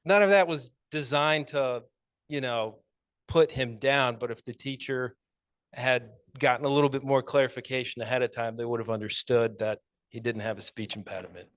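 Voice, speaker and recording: A man giving an impromptu answer at a speaking club, thoughtful and measured, with some hesitant fillers. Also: medium pitch, steady tone, fairly bright tone, smooth, no echo. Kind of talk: impromptu speech.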